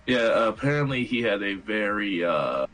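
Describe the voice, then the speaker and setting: A man in casual podcast chat, joking and swearing in a deadpan way. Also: on the low side, normal speed, low-quality recording.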